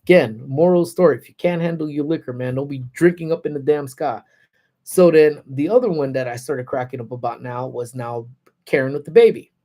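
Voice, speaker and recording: A man hosting a casual livestream, telling stories in an animated, laid-back way with lots of slang, from a parked car. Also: a little high, a little fast. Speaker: livestream host. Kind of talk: casual storytelling.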